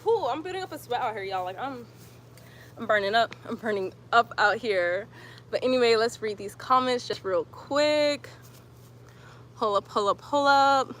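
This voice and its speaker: A woman guiding a yoga stretch routine with steady breathing cues and casual asides. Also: fairly high pitch, normal speed, slight background noise. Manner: calm breath cues, chatty when reading comments. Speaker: yoga instructor. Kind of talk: guided yoga instruction.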